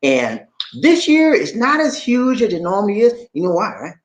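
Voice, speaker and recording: A man's voice: high voice, big pitch swings, moderate pace. A man from the USA chatting casually as a vlog host, laughing a lot and drawling out "man" as he talks. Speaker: vlogger host reading viewer comments. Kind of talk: casual chat. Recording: echoey room.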